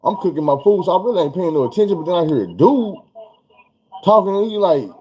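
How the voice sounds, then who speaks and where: Animated profane man telling a story. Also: high voice, quick pace, slight background noise. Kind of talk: casual storytelling vlog.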